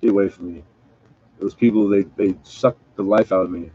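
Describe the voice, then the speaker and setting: A man's voice: low-pitched, fairly even intonation, a little fast, mellow, no room sound, muffled recording. A man from Southern California rambling and joking with profanity in a casual late-night livestream chat. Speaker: livestream host.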